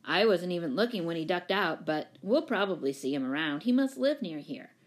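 A woman voicing a laconic, sulky boy, pitched lower and grumbling. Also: lively intonation, brisk, natural voice.

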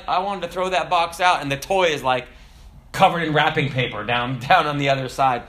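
A man preaching a sermon in a conversational, humorous way, acting out little quotes and slowing down to quote scripture. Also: fairly high pitch, pushed and bright. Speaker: pastor.

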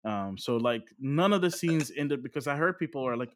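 A man chatting casually about games and films, lively and full of fillers, his voice jumping up when he gets excited. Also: mid-range voice, a little fast. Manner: animated, filler-heavy, voice jumps up when excited.

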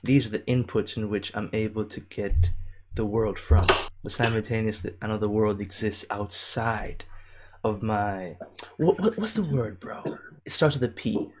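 A young man chats on a livestream in a lowish voice, loose and full of slang and swearing. He laughs a lot and reads viewer comments aloud warmly. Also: normal speed, background noise. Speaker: livestream host. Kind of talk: casual livestream chat.

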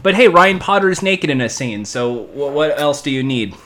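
A man's voice: medium pitch, lively intonation, normal speed, fairly bright tone, slight background noise. A man hosting a casual podcast, swearing and rambling while his mouth burns from spicy chips. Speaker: podcast host eating hot chips. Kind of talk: casual banter, answering questions.

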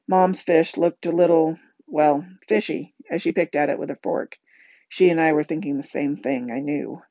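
Mellow woman reading a novel aloud. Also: sits low, no echo. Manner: calm, even read-aloud with quiet voiced dialogue. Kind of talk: storybook reading. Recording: dull, lo-fi home recording.

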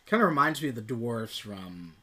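Podcast co-host, mid pitch, very lively intonation, casual, pauses on fillers. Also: crowd noise. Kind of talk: casual film review chat.

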